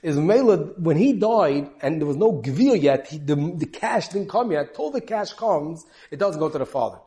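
Fast-talking man giving a Talmud class. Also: high-pitched, mellow. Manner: rapid, mixing English with Hebrew and Yiddish terms. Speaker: Talmud lecturer.

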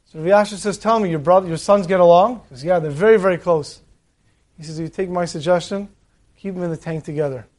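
High-voiced man telling a Torah story. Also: fast talker. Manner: animated storytelling, acts out the voices in the stories. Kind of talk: Torah talk with stories.

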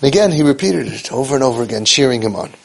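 A man speaking on parenting and faith gives an inspirational talk, telling a story with emphasis and repeating key phrases for effect while sprinkling in Hebrew and Yiddish terms. His medium-pitched voice is expressive, slightly rough, and touched with vocal fry, and he talks very fast.

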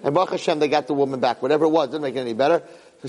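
A middle-aged man, a rabbi giving a Torah lecture, who tells a personal story in an animated, emphatic way and often repeats words and restarts phrases. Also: a little high, very fast, rough recording.

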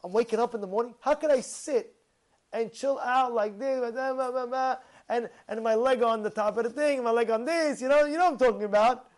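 Male speaker, informal sermon, animated and questioning, stumbles and repeats as he goes. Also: very high-pitched, brisk. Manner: animated, full of rhetorical questions; repeats and restarts words. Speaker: religious speaker. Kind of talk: informal religious talk.

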